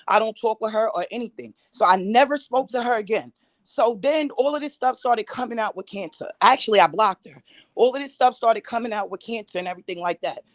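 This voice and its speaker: A woman's voice: mid-range voice, dry recording. A woman calling in by phone to a live panel, angry and defensive, swearing as she tells her side. The line is dry, with no room around her voice. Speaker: panel guest. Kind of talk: heated call-in chat.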